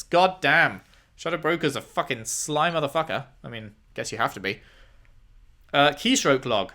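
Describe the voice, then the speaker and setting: A man's voice: fairly high pitch, animated, moderate pace. A man playing a video game, reading in-game messages aloud and reacting with casual, profane commentary. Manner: swears freely, reads dossiers aloud and reacts with loud outbursts. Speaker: gameplay streamer.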